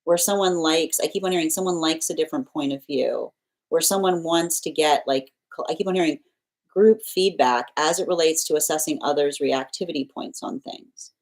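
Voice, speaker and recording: A woman's voice: sits low, moderate pace, darkish tone. A woman giving a live tarot reading, rambling and circling back with repeated phrases and restarts. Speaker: tarot reader.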